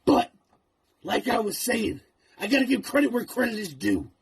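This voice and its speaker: A man's voice: high voice, huge pitch swings, moderate pace, crowd noise. A man cutting a menacing, profane wrestling promo, taunting his opponent. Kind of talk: trash-talking wrestling promo.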